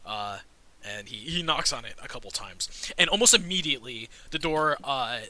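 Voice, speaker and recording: A man's voice: medium pitch, expressive, normal speed, bright, forceful tone. A man narrating a tabletop game as game master, casual and full of fillers. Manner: casual, filler-heavy narration with frequent laughs.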